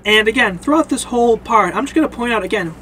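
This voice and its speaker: High-voiced young man rambling a comic review. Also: expressive, fast, bright, forceful tone, slight background noise, poor audio. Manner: rambling, filler-heavy. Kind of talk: casual review narration.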